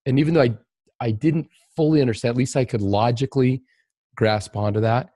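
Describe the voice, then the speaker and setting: Man, podcast guest, earnest, reflective, halting restarts, dry close sound. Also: mid-range voice, fairly even intonation, dark tone, dry recording. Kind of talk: candid personal storytelling.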